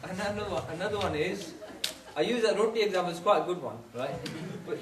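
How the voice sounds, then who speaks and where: A man's voice: high voice, fast. Man speaking to a congregation. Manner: mixes English with Punjabi phrases, acts out quoted voices. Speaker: Sikh religious speaker. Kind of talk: talk to a congregation. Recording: roomy hall, from a distance.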